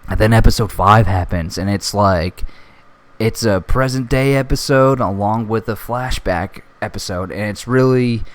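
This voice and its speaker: A man hosting a casual solo podcast, reviewing a TV show in an excitable way, swearing often and full of fillers. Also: fairly low pitch, normal speed. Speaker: podcast host.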